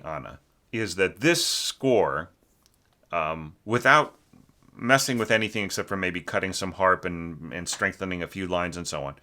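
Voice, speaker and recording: A deep-voiced man gives a relaxed spoken critique of an orchestration score, leaning on fillers as he thinks aloud. His tone is bright and forceful, and he breaks into sung phrases to make his points. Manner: sings musical phrases to illustrate, many fillers. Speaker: orchestration teacher reviewing a student score.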